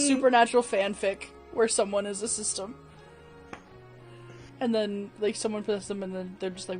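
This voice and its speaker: A woman's voice: mid-range voice, normal speed, pauses often, soft background music. A woman co-hosting a podcast in casual chat, swearing freely and breaking into laughter. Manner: profane, animated, bursts into laughter. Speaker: podcast co-host.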